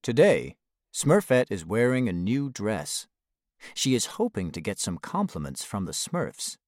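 A man reading a children's storybook aloud, expressive and dropping low on the speech tags. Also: unhurried, no room sound, studio quality. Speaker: narrator.

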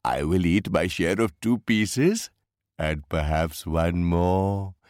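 Guy putting on a super high little girl voice, squealy and over the moon about cake, dry close sound. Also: slow pace, breathy edge, no room sound, exaggerated voice. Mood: dreamy. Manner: squealing, breathless excitement. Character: excited little girl, eager and greedy for cake.

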